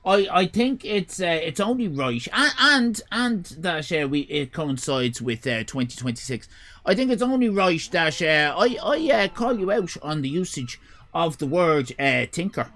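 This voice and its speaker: Irish male streamer; loose, sweary banter, high and animated delivery. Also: measured pace. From Ireland. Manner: rambling, swearing, bursts of shouting. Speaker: livestream host. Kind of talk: casual live-stream chat.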